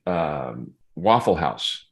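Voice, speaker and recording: A man's voice: a bass voice, sing-song, drawn-out words. An older man, a pastor and guest, telling humorous stories in a casual interview, laughing often and acting out what people said.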